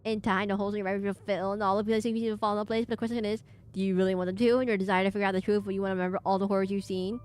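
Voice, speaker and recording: A woman's voice: medium pitch, flat delivery, rapid-fire, a little mellow, clear, resonant tone, close to an everyday voice. A woman voicing a mysterious, taunting teenage girl who speaks in a theatrical, mocking way in a horror game. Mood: cryptic taunting. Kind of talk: game dialogue voiced by a streamer.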